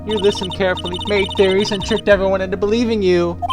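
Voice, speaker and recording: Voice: medium pitch, steady tone, quick pace, over music, voice pushed up, close to an everyday voice. A player voicing a cheerful young female assistant from a game, breezy and teasing. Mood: relieved. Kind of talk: voicing game dialogue while playing.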